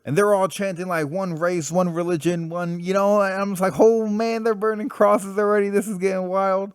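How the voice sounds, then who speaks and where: A young man giving a casual spoken comic book review, blunt and animated, swearing freely and full of fillers. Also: a little high, dry recording, clean studio sound.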